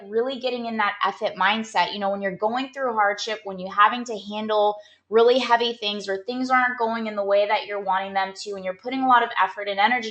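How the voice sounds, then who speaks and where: A woman speaks as a performance coach in a casual motivational talk, chatty and full of "like" fillers. Her voice is bright and sharp. The room around her is echoey. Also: fairly high pitch. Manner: chatty, storytelling, lots of "like" fillers.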